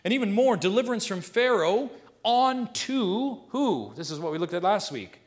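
A man with a somewhat high-pitched voice preaches a sermon to his congregation. He reads scripture aloud and moves between quiet, intimate asides and emphatic, repeated declarations, pressing each point home. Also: sing-song, normal speed. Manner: preaching with wide swings from hushed to emphatic. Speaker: pastor.

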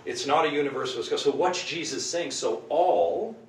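A man teaching a Bible class, asking his listeners rhetorical questions in an animated way. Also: on the high side, moderate pace. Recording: roomy, distant mic with faint noise.

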